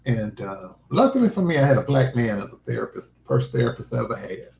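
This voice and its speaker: A man's voice: mid-range voice, big pitch swings, creaky, a little mellow. Man telling an emotional personal story, roomy echo. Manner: emotional, halting storytelling with restarts. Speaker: livestream host. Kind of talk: personal testimony livestream.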